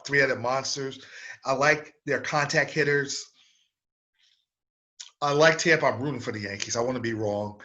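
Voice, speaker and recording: Fired-up bright-voiced sports talk man. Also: medium pitch, moderate pace, pauses often, highs cut off. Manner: fired-up, ranting, mocking impressions. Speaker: sports radio host. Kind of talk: opinionated sports talk monologue.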